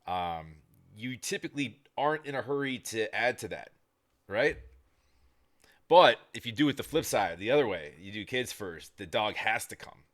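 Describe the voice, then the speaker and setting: A man's voice: lowish voice, a bit bright. A man hosting a reaction video, chatting casually and thinking aloud with fillers.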